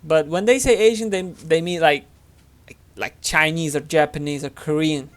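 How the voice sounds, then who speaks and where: A man's voice: on the high side, normal speed. A man from Turkey speaking English with a Turkish accent, giving rambling casual commentary over his gameplay, full of fillers. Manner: rambling, filler-heavy, chatty. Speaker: gaming channel host.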